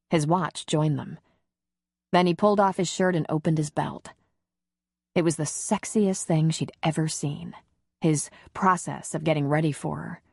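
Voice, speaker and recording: A woman narrating an audiobook in a calm, even, intimate reading. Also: low voice, no room sound, studio quality. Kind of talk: scripted narration.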